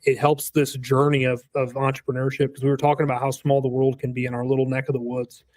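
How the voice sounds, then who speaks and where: A man's voice: medium pitch, quick pace, no room sound. Earnest young father, dry close sound. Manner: earnest, animated storytelling with frequent restarts. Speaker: guest, roofing business owner. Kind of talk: casual podcast chat.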